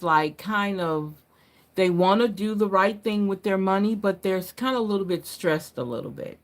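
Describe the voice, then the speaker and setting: A woman hosting a live card reading, talking casually and often checking in with "right?" and "okay?", correcting her own slips with a laugh. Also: sits low. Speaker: card reader.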